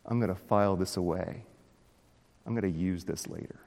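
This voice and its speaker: A man preaching voices a scheming, boastful villain in a low, quiet, gloating tone. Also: moderate pace, creaky. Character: scheming villainous male courtier, sinister and boastful. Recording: long hall reverb.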